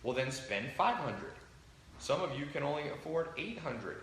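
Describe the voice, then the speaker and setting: A man hosting a livestream, giving a brash, animated motivational talk and acting out the voices he quotes. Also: on the high side, moderate pace, reverberant, a little hiss or hum. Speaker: livestream host. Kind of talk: motivational talk to a live audience.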